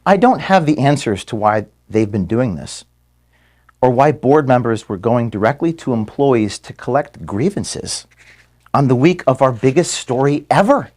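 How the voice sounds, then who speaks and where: Man, emotional farewell address, close to tears, halting, repeats words, office room, mid-range pitch. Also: lively intonation, a little mellow. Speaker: founder addressing his staff.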